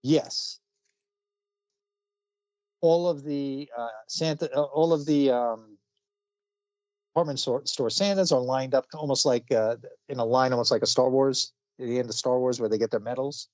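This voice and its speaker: A man's voice: mid-range voice, moderate pace, pauses often, darkish tone, dry recording. Man recapping a comic, muffled dry audio. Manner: rambling plot recap with fillers. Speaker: podcast co-host. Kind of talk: casual comic review chat. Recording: slightly muffled dry recording.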